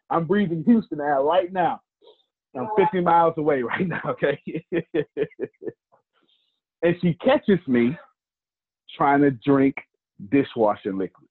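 This motivational speaker's voice is a little high, expressive and slightly rough, and he speaks a bit slowly, pausing often. He tells personal stories in a joking, conversational way with preacher-like asides, a casual storytelling talk heard over a phone-like lo-fi line.

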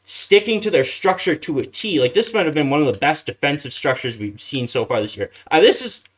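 A man's voice: a little high, lively intonation, a little fast. A man ranting casually after a hockey game, exasperated, with many fillers and restarts. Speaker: hockey streamer. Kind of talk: casual post-game rant.

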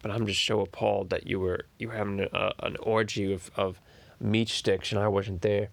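Peter, voiced by a man, gravelly and crude. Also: on the low side, little pitch movement, moderate pace.

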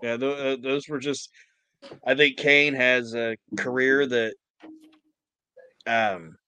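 A man co-hosting a wrestling podcast, telling stories in animated, swearing casual chat. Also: medium pitch, slow pace, clear, resonant tone, no room sound. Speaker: podcast co-host.

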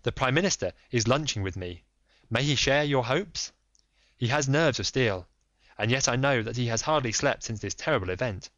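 Anxious excitable minister, read by a man, urgent and emphatic, muffled dry sound. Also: medium pitch, moderate pace, dry recording, close to an everyday voice. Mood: eager. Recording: dull dry recording.

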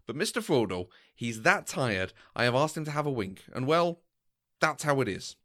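A man's voice: mid-range voice, big pitch swings, moderate pace, fairly bright tone. A man reading as a plain-spoken, loyal hobbit servant in a fan reading, in an apologetic, homely manner. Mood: earnest.

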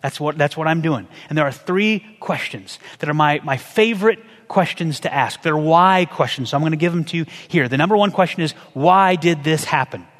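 High-voiced preacher in a reverberant hall. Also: male voice, brisk, few pauses, fairly bright tone. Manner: conversational preaching with rhetorical questions. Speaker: pastor. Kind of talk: sermon.

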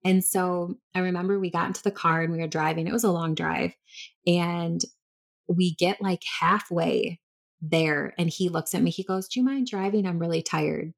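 A woman's voice: fairly low pitch, steady tone, moderate pace, gravelly. A woman in her thirties co-hosting a podcast, telling a personal story candidly with many restarts. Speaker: podcast co-host. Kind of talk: casual chat.

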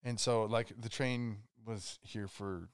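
A man's voice: on the low side, steady tone, slow, clear, resonant tone, no echo, studio quality. A young man, co-hosting a podcast and telling a story in a rambling, swearing way, acting out what people said. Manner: rambling, swearing, acts out quotes. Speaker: podcast co-host. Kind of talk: casual storytelling chat.

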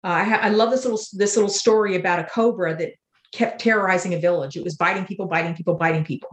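An older woman, an author and interview guest, talking in an earnest, unhurried way and telling spiritual stories. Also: on the low side. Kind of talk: reflective interview talk. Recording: roomy echo.

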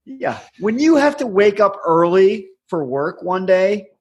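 Male podcast host, husky and sarcastic, lively pitch. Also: measured pace, dull audio. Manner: sarcastic, profane, steers the talk. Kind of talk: casual chat.

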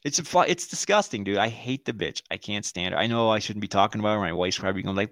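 A man's voice: on the low side, animated, fast talker, hardly any pauses, fairly bright tone. A man co-hosting a podcast, telling a story in casual chat, swearing freely, laughing often and acting out the lines of the people in it. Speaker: podcast co-host.

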